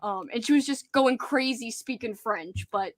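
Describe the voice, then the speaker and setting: Young woman, bit of a cajun accent, giggly n chatty, kinda high voice, dry close sound. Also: moderate pace, dry recording. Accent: light Cajun Louisiana. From Louisiana, United States. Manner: excitable and giggly, with filler words. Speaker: livestream host. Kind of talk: casual chat.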